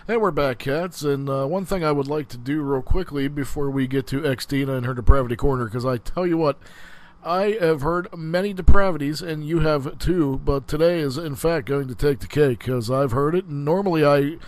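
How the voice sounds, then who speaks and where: A man's voice: fairly high pitch, normal speed. A man hosting a podcast, telling a crude story in casual, profane chat, rambling with many fillers and restarts. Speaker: podcast host.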